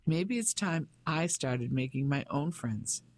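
A man's voice: on the high side, animated, a little slow, no echo. A man reading a proud, cold English wife. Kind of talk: audiobook character voice.

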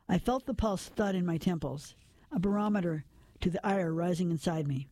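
A woman narrating a first-person story, reading it in a measured, steady way. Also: fairly low pitch, no echo.

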